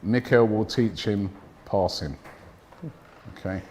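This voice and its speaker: A man's voice: lowish voice, slow pace, darkish tone, a little hiss or hum. A man hosts a live football watchalong and reads out viewer comments between bursts of laughter. His banter is loose and playful. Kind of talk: casual live-stream chat, reading out viewer messages.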